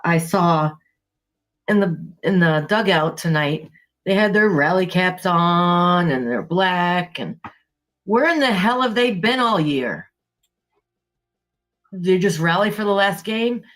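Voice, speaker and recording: A woman's voice: fairly low pitch, lively intonation, slow pace, long pauses, fairly bright tone. A woman co-hosting a casual sports podcast, ranting in a heated, exasperated way and swearing freely. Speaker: podcast co-host.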